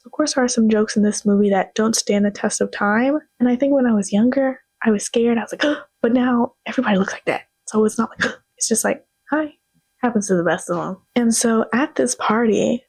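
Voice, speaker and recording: A woman's voice: mid-range voice, a little mellow, slightly rough, no room sound. A young woman giving a sassy, slang-filled casual movie commentary as host.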